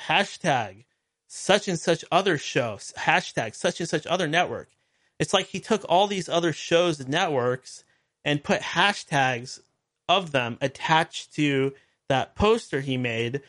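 A man's voice: on the high side, a bit bright. A man hosting a talk show, telling a story in a casual, exasperated way with frequent restarts and wry laughs. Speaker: podcast host.

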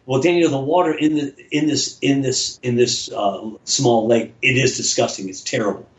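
A man telling a long personal story in casual chat, rambling and halting, with many restarts. He acts out the voices of the people in his story. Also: mid-range voice, fairly even intonation. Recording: echoey, dull lo-fi audio.

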